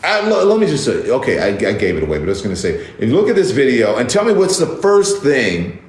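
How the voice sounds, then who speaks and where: A man's voice: medium pitch, wildly swooping pitch, quick pace. A man giving casual, emphatic commentary as host of his own show, indignant and repeating words for stress. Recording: roomy echo.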